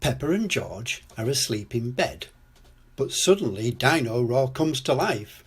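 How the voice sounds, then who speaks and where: An older man reading a children's storybook aloud, gentle and expressive. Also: medium pitch, a little slow, slightly rough.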